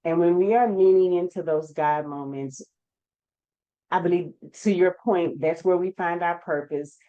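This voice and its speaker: A woman host with a mellow, lowish voice, reflecting back on what her guest has said. Her voice comes through a dull, lo-fi video call. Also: a little slow. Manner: reflective, sums up guest's words. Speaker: podcast host, life coach. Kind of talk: interview hosting. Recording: dull lo-fi sound.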